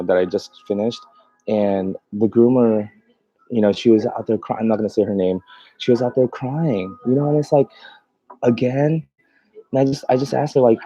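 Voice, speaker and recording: A mobile dog groomer with a lowish, dark voice talks at a moderate pace during a casual livestream, reading viewer comments aloud. Laughing often, he rambles in loose bursts with plenty of fillers and restarts, and the audio is dull with no room sound.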